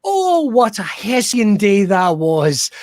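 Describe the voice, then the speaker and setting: A Scottish man hosting a podcast with a bright, high voice. He talks like an upbeat showman and cracks jokes. The sound is close and dry. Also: big pitch swings, slow pace, no room sound. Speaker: podcast host. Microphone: remote call.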